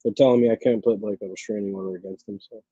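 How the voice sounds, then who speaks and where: Guy on a video call, rattling off fast, muffled lo-fi sound, dry. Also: on the low side, fairly even intonation, warm tone, dry recording. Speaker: guest caller. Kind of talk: casual chat.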